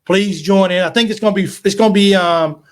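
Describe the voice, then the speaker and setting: Male live-stream host, casual and rambling, higher-pitched, choked up with emotion. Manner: rambling, halting, with many fillers and restarts. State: emotional, near tears. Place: home, at night.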